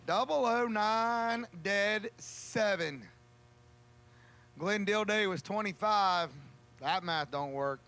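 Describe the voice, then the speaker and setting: A man calling a drag race, with a joking, folksy manner and drawn-out calls. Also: high voice, pushed and bright. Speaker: race announcer. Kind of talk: drag racing commentary.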